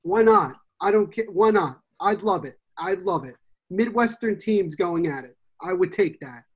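A man from New Jersey co-hosting a casual hockey podcast, excitable, swearing and laughing a lot. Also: sits high, normal speed, breathy edge. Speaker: podcast co-host.

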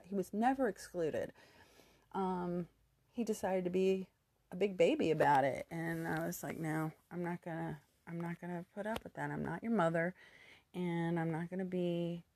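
A woman's voice: on the low side, vocal fry, dark tone, no room sound. A woman in her fifties with a youthful-sounding voice, telling a personal story candidly with rambling asides and restarts. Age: 50s.

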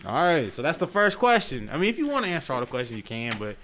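A man's voice: fairly high pitch, sing-song, fast talker, fairly bright tone, a little hiss or hum. A man hosting a podcast, running a new segment in a joking, casual way. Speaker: podcast host. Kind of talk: casual chat.

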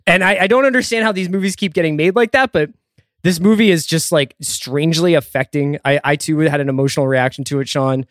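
A man's voice: on the high side, a little fast, no echo. Jokey man from Philadelphia, dry mic. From Philadelphia, USA. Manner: jokey, animated storytelling. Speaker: podcast guest. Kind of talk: casual film-review chat.

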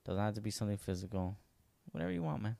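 A young man co-hosting a podcast, chatting casually in an animated, emphatic way and swearing freely. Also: on the low side, racing, creaky, dry recording. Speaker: podcast co-host. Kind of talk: casual chat.

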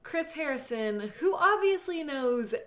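A woman co-hosting a podcast in casual chat, talking in quick ironic asides. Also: high voice, expressive, a bit bright. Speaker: podcast co-host.

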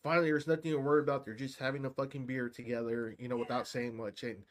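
A man's voice: mid-range voice, fast. A middle-aged man co-hosting a casual chat, telling stories with heavy swearing and frequent "right?". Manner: profane, animated storytelling with lots of "right?". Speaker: podcast co-host.

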